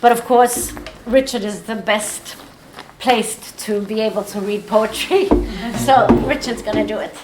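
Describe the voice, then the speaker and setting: A woman's voice: mid-range voice, measured pace. Chatty woman in an echoey club room. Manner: chatty, laughing, self-deprecating. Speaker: folk club regular. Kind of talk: casual introduction at a folk night. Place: folk club room with an audience. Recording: echoey room with faint noise.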